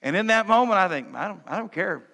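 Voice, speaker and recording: Bright-voiced preacher in a reverberant church. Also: male voice, high-pitched, animated, fast, creaky. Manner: swings between loud and quiet, with humorous asides. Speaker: pastor. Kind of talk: sermon. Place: church sanctuary.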